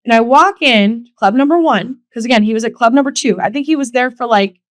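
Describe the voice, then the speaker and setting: A woman's voice: on the high side, brisk, no echo. A young woman hosting a solo podcast, telling personal stories candidly and emotionally, swearing freely and acting out quotes. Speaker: podcast host. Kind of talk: casual solo podcast storytelling.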